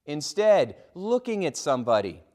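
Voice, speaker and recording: A middle-aged man giving a humorous motivational keynote, telling lively stories and acting out the voices of people in them. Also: a little high, moderate pace. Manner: lively, acts out quoted voices. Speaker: motivational speaker.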